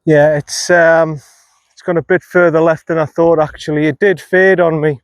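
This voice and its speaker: A man's voice: on the high side, little pitch movement, moderate pace, no room sound. A man giving chatty, self-critical commentary while playing a round of golf outdoors, muttering at himself after bad shots. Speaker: golf vlogger. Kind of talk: casual on-course commentary.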